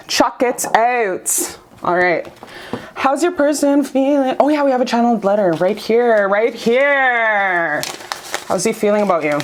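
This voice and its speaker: A woman's voice: fairly high pitch, slight background noise. Bubbly gushing woman tarot reader. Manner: gushing, bubbly, swears freely, laughs often. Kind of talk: casual tarot reading to camera.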